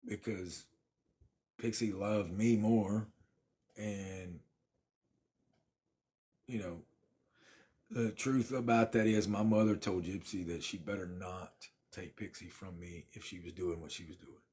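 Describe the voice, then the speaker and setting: A man's voice: low voice, fairly even intonation, takes it slowly, long pauses, a little mellow, slightly rough. A man, chatting casually on a phone livestream from his apartment and thanking viewers by name. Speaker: livestream host.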